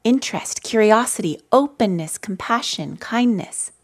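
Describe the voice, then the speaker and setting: A woman telling personal stories in a gentle, conversational way as she leads a live mindfulness talk for an audience. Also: a little high, expressive, normal speed. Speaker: mindfulness teacher. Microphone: handheld mic.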